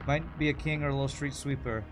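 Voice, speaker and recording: A man's voice: medium pitch, steady tone, fast, over music. A man streaming a video game, chatting casually and answering viewer questions while he plays. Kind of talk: casual gameplay commentary.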